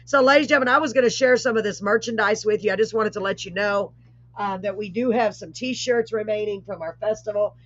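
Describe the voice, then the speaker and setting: A woman hosting a live online show, chatting casually with rambling asides and warm blessings. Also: medium pitch, a little fast, no echo. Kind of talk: casual live-stream chat. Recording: dull lo-fi stream audio.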